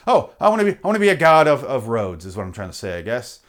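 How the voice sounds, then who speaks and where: A man's voice: medium pitch, quick pace. Swearing, ranting male comedy host. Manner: profane, animated ranting with frequent self-interruptions. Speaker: podcast host. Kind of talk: comedic rant.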